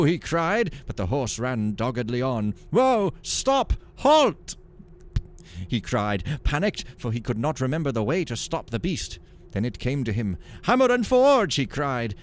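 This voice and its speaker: A man's voice: medium pitch, slight background noise. Casual man reading game texts aloud. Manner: casual, jokey, reads stories in a dramatic storytelling voice. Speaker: gaming channel host.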